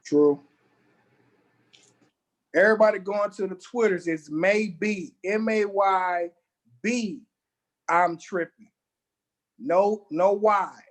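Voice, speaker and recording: A man's voice: sits high, slow pace, pauses often. A man, co-hosting a casual review show and making blunt, slangy, laid-back remarks. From Louisiana. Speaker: co-host.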